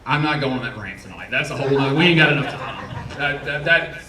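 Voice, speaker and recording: A man in his forties with a Southern US accent does a profane, rambling, self-mocking stand-up set on a comedy club stage. He talks fast, with a medium pitch and lively intonation. The mic is distant, giving roomy club sound, with a crowd in the background.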